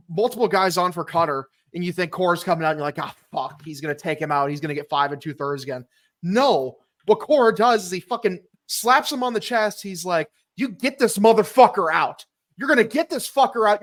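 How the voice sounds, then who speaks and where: A man co-hosting a sports podcast, telling stories in an animated, profane way. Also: sits high. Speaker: podcast co-host. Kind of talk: casual sports chat.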